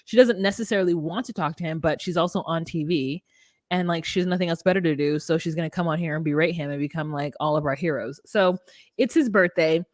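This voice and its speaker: A woman co-hosting a podcast recaps a reality show in casual chat, talking fast and acting out the people she quotes with put-on voices. Her voice sits low with a darkish tone, in a dry, studio-quality recording.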